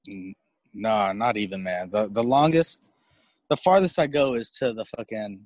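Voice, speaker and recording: A man's voice: fairly low pitch, moderate pace. A man in casual chat, joking around and laughing often.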